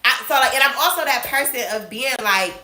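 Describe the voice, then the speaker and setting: Bright-voiced woman telling a work story. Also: sits high, a little fast, reverberant. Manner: animated, acts out both sides of the argument. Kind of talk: casual storytime to camera.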